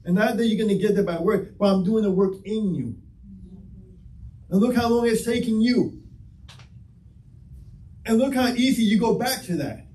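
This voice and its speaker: A pastor with a high voice preaches to his congregation, moving between plain talk and acted-out back-and-forth. He sounds set back from the mic in an echoey church hall, with faint ambience behind him. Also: moderate pace, long pauses, darkish tone, recorded from a distance. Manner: impassioned, conversational preaching with acted-out dialogue. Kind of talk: sermon. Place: church sanctuary.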